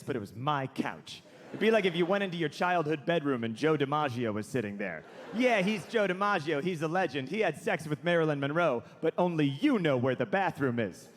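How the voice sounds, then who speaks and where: A man in his thirties doing stand-up comedy, telling stories and acting out characters. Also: high voice. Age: 30s. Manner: animated storytelling, acts out characters. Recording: echoey hall with faint noise.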